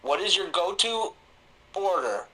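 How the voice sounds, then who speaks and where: A man's voice: high voice, very animated, measured pace, bright, forceful tone, low-quality recording. A male caller talking in a joking, over-the-top, hyped way. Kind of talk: call-in phone chat.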